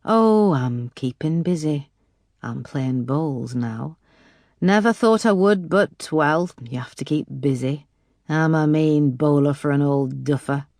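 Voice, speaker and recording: A woman voicing an older Yorkshire father, kind and a bit gruff, speaking gently and consolingly in an audiobook. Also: sits low, slow, no room sound, clean studio sound.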